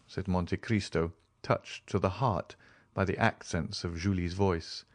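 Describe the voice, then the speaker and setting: A man narrating a classic novel as an audiobook, reading in an expressive, measured literary style. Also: low-pitched, no echo. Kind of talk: scripted narration.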